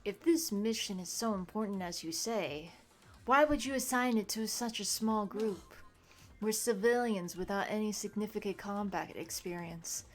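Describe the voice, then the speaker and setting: Brief: woman reading a determined young male student, firm and demanding, mid-pitched, soft game music behind. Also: moderate pace, close to an everyday voice.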